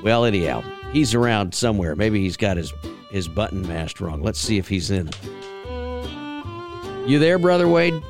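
A man's voice: fairly low pitch, big pitch swings, moderate pace, long pauses, music in the background. A man from the American South hosting a casual local radio show, chatty, joking and often laughing. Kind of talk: casual call-in radio chat.

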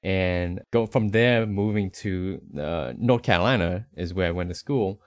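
Deep-voiced man chatting easily on a podcast. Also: measured pace, smooth, no room sound. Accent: slight Rhode Island. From Northeast United States. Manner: rambling, self-correcting, easygoing. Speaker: podcast co-host. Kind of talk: casual podcast chat.

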